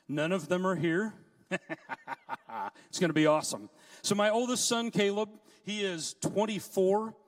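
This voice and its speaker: A middle-aged man gives a sermon in a fairly high voice, telling stories in a lively way with joking asides. His voice sounds a little distant from the microphone, as if he is standing back from it in a church hall. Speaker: preacher. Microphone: handheld mic, set down at times.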